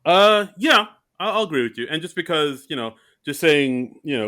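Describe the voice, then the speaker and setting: Male podcast co-host, bright tone, animated and self-mocking, casual chat. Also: on the high side, moderate pace, hardly any pauses. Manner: animated, self-mocking, talks in bursts with restarts.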